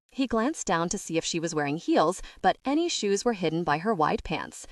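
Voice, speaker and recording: Woman audiobook narrator, wry, lively pitch, dry close recording. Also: brisk, few pauses, no echo. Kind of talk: scripted narration.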